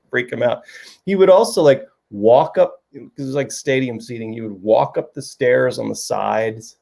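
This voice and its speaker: A man's voice: medium pitch, moderate pace, creaky, a little mellow. Rambling male host telling a story. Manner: rambling, storytelling with many restarts. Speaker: show host. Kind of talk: casual chat to a live audience.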